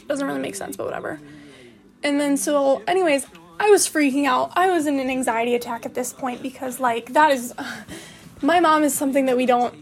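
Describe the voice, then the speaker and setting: Young woman, high voice, rambling storytime, soft music behind. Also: vocal fry. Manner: rambling and candid, full of "like" and restarts. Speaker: vlogger. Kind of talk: personal storytime.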